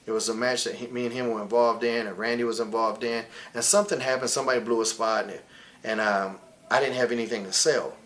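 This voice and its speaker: This fast talker has a mid-range, fairly bright voice and a steady tone. A wrestler in his forties interviewed as a guest, he tells candid stories bluntly and angrily, curses a lot and puts on voices when quoting others.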